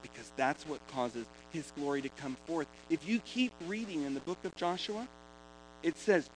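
A man preaching a sermon, emphatic and building to loud proclamations of scripture. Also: a little high, moderate pace, slight background noise, low-quality recording.

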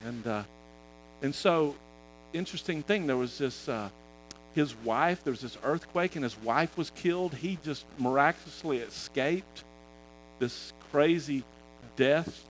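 A man preaching in a loose, conversational way, retelling a story with many halting restarts. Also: fairly high pitch, faint music behind, low-quality recording. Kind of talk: sermon storytelling.

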